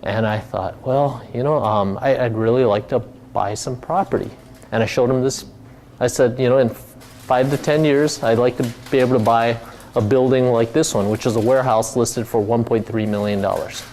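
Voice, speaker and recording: A man's voice: medium pitch, fairly even intonation, moderate pace, darkish tone, slight background noise. A middle-aged man from Hawaii, a company founder telling his story in a casual talk, rambling with many fillers and restarts.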